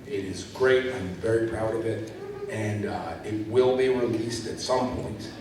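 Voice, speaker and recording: A man's voice: lowish voice, unhurried, a crowd in the background. A man, an actor, talking casually at a convention panel, telling stories in a rambling way full of fillers. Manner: rambling, filler-heavy storytelling. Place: large convention hall. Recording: echoey hall from far off.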